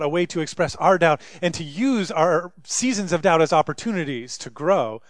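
A man preaching a sermon as pastor, acting out scripture voices with rising intensity and then dropping quiet. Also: high-pitched, no room sound. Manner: animated, dramatizes scripture voices, rising loudly for emphasis.

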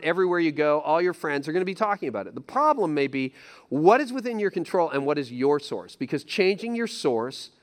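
A man preaching a sermon with a slightly raised pitch. He talks to the congregation in a casual, emphatic way and hammers home each point by repeating it. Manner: conversational, emphatic, repeats key phrases. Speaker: pastor.

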